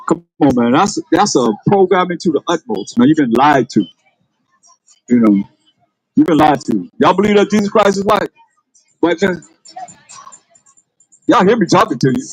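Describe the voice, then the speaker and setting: A man's voice: sits high, very animated, normal speed, pauses often, breathy edge, dry recording, faint music behind, low-quality recording. A man preaching on the street, calling out to passers-by with emphatic, laughing delivery. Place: outdoors on a street.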